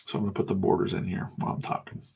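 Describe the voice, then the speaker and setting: A middle-aged American comics artist who hosts his own channel chats while he draws, rambling candidly and swearing now and then. His low voice is monotone, racing, gravelly and husky, with a darkish tone.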